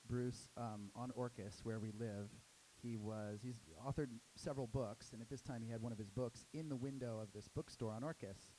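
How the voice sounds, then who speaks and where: A man, a startup co-founder, telling a story casually on a panel, animated and full of "like"s. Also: mid-range voice, normal speed, hardly any pauses, slight background noise, low-quality recording. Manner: animated, many "like"s and restarts.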